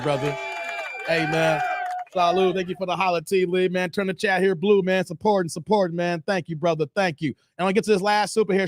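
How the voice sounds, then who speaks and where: A man's voice: high-pitched, no echo, clean studio sound. A man hosting a live stream, casually reacting to a clip and reading out viewer donations with a playful, joking manner. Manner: playful, laughs often, talks to chat.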